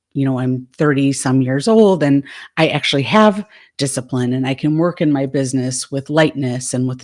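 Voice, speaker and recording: A woman's voice: a bass voice, a little mellow. Woman coach retelling a session. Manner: retells a session, quoting dialogue back and forth. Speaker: life coach. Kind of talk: casual storytelling monologue.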